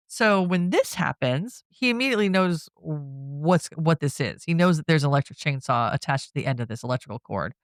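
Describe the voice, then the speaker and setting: A woman's voice: lowish voice, no echo. Laughing woman recapping a horror movie. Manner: laughs often while retelling a plot, animated. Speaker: podcast co-host. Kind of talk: casual movie recap chat.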